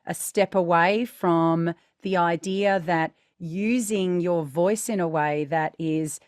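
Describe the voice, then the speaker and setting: A woman's voice: on the low side, fairly even intonation, takes it slowly, no room sound, clean studio sound. A woman co-hosting a podcast as a voice teacher, explaining ideas carefully and hedging with "you know" and "like". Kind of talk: casual chat.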